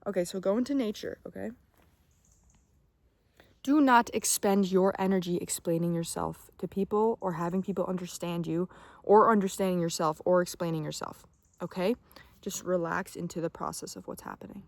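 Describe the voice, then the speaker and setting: A woman's voice: on the low side, normal speed, gravelly, no room sound. Young woman giving pep talk, swears a lot, keeps saying okay?, dry close mic. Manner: blunt, emphatic, swears casually, keeps asking "okay?". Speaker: self-help vlogger. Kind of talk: casual motivational talk to camera.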